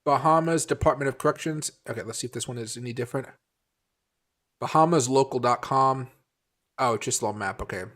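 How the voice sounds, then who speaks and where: A man's voice: mid-range voice, brisk, fairly bright tone. A man hosting a casual live stream, rambling and answering viewer comments by name, with many fillers and restarts.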